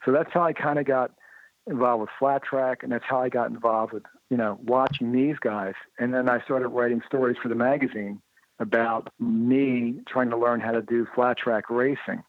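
A man being interviewed, telling motorcycle racing anecdotes in a lively way and acting out the dialogue he quotes. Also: medium pitch, moderate pace, no echo. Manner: lively storyteller who acts out quoted dialogue. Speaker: interview guest, motorcycle writer. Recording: narrow phone-like line, dry.

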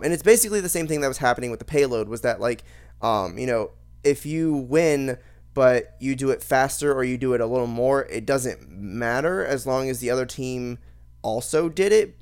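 Casting note: young man, mid-pitched voice, loose profane rambling about gaming, casual chat. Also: clean tone. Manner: rambling, profane, animated ranting.

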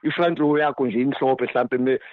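A man's voice: medium pitch, fairly even intonation, brisk, no echo, narrow, tinny audio. A man, hosting a casual talk show in a playful, hyping manner. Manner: hyping, playful, mixes Zulu and English. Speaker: show host.

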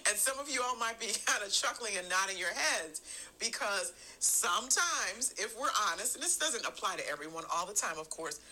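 A middle-aged woman giving an earnest sermon, stressing her phrases and stretching some words out slowly. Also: mid-range voice, pushed and bright, low-quality recording. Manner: earnest, emphatic, drawn-out phrases. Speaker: church speaker.

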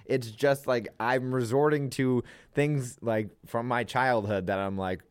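A man's voice: mid-range voice, fairly even intonation, measured pace, smooth, no room sound, clean studio sound. A man co-hosting a podcast in casual chat, rambling and trailing off, swearing and laughing.

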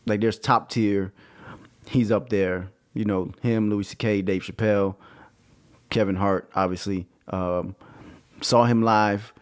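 A man's voice: lowish voice, steady tone. A man co-hosting a podcast, chatty and joking in a casual conversation. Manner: chatty, teasing, quick jokes. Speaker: podcast co-host. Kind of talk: casual chat.

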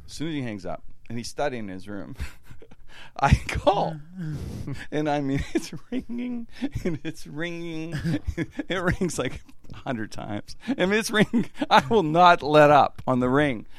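A man's voice: on the high side, big pitch swings, unhurried, dry recording. A man hosting a casual chat, telling a story and laughing while he acts out voices.

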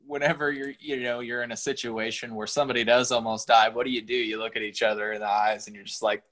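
Male podcast co-host, mid-pitched, laid-back storyteller, swears casually. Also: fast talker. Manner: relaxed, rambling, swears, many fillers.

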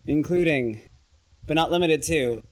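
A man's voice: a little high, unhurried. A man co-hosting a podcast, explaining things earnestly in casual chat, often stumbling and restarting his sentences. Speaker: podcast co-host.

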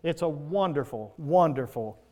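A man preaching in church with a slightly high voice. His sermon is impassioned and pleading, rising into loud swells and then dropping to quiet passages. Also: animated, unhurried.

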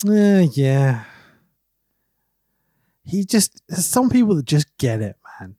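Guy chatting on a podcast, pitch all over the place, super dry close sound. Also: slow pace, no echo. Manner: animated, breaks into high laughs and shouted impressions. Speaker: podcast co-host. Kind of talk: casual chat.

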